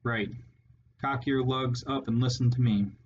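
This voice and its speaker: A man's voice: lowish voice, flat delivery, measured pace, a little mellow, lo-fi sound, slight background noise, natural voice. A man voicing a harsh, scarred male rat warlord who snarls his orders with contempt, in a storybook reading. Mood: snarling, commanding.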